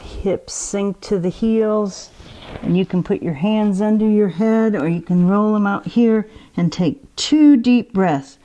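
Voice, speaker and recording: A woman guiding children through a bedtime yoga story, with gentle, coaxing and playful instructions. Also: medium pitch, slow, low-quality recording. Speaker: kids yoga teacher.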